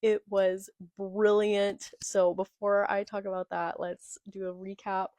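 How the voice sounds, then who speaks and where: A woman's voice: medium pitch, flat delivery, a little slow, darkish tone, no room sound. A young woman chatting with bubbly enthusiasm, her voice sitting in an ordinary middle range. The recording is dry and close, with no room sound around her. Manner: enthusiastic, gushing. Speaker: manga reaction vlogger. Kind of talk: casual chat.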